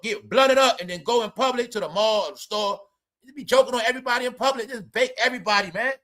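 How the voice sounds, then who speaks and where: High bright-voiced rambling streamer man. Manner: loud, rambling, profane, keeps saying "y'all". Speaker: livestream host. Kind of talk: profane stream-of-talk commentary.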